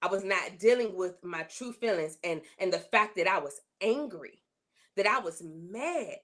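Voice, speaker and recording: A woman guest telling a personal faith testimony in an interview, earnest and emotional, repeating herself and rising in pitch when she voices her complaints to God. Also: animated, a little slow, fairly bright tone. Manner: earnest, emotional storytelling with repetition.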